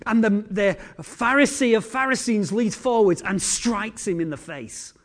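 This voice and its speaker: High-voiced male preacher telling a dramatic story. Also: moderate pace. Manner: dramatic storytelling, swings from loud to hushed. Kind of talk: sermon.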